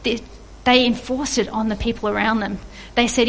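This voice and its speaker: A woman's voice: a little high, fairly even intonation, moderate pace, vocal fry, hardly any pauses, a bit bright, slight background noise, poor audio. An earnest woman giving a reflective devotional sermon, asking her listeners questions. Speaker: preacher.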